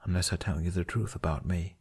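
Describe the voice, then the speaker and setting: A man reading the lines of a guarded, troubled young man, speaking quietly, close to a whisper. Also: deep voice, steady tone, a little fast, slightly rough, heavily acted. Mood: somber. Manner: hushed, near whisper.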